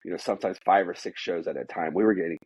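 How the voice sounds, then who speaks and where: A man's voice: sits low, racing, a little mellow, breathy edge, poor audio. A man telling a work story in casual conversation, rambling with many "like"s and restarts.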